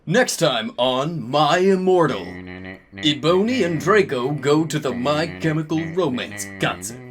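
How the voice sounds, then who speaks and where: A man narrating a comedic story reading with a mock-dramatic, drawn-out delivery. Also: on the high side, expressive, over music.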